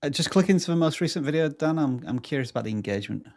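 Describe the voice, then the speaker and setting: A man co-hosting a live stream channel review, chatty and quick to laugh. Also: fairly high pitch, animated, darkish tone, a little hiss or hum.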